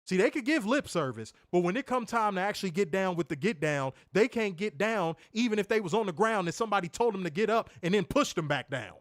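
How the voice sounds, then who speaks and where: A man's voice: sits high, expressive, fast talker, few pauses, dry recording, clean studio sound. A man co-hosting a wrestling podcast, ranting with profanity and piling up rhetorical questions. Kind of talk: heated ranting commentary.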